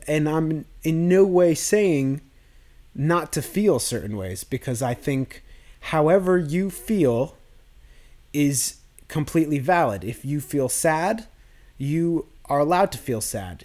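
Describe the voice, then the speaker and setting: The podcast host here is a man whose voice is a bit high and somewhat mellow. On his self-improvement show he thinks out loud in a loose, meandering way, frequently starting over and using fillers.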